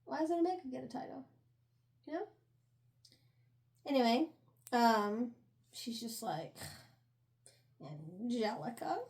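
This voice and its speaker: Chatty high-voiced young woman recapping a book. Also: lively intonation, darkish tone. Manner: chatty, laughing, slangy, acts out characters in quick asides. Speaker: book review podcast co-host. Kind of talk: casual chat recapping a novel.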